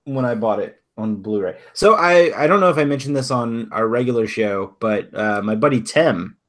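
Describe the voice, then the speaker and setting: A man's voice: medium pitch, animated, normal speed, fairly bright tone. A man co-hosting a podcast in casual chat, hesitant with many ums and frequent chuckles. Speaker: podcast co-host.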